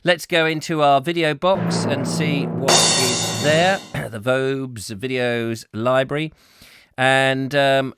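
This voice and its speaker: A man's voice: medium pitch, steady tone, takes it slowly, fairly bright tone, faint music behind. A man hosting a comic live chat show, chatty and jokey with rambling asides. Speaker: host.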